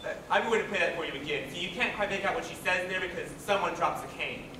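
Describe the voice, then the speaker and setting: A man's voice: high-pitched, fast, noisy background, natural voice. A young man in a live school musical playing a lonely theater fan, chatting and confiding between songs. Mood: wistful. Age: young adult. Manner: chatty, wistful, confiding asides. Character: lonely male theater fan narrating his cast album. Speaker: high school stage actor. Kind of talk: live stage musical acting. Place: school auditorium stage. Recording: echoey hall heard from far off.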